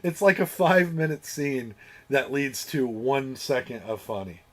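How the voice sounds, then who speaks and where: A man's voice: mid-range voice, a little slow, a bit bright. A man hosting a podcast, swearing and laughing as he recaps a film in casual, rambling chat. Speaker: podcast host. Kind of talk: casual movie review chat.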